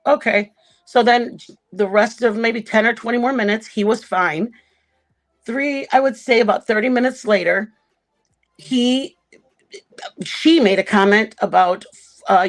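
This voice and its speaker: A woman's voice: mid-range voice, a little slow. A woman on a livestream panel casually recounting a chat-room dispute, rambling and often correcting herself. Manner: rambling, self-correcting retelling.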